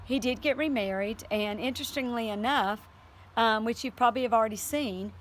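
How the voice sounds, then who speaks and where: A woman's voice: fairly high pitch, brisk, slight background noise. A woman teacher reading aloud to her class and then talking it over earnestly, with fillers and restarts.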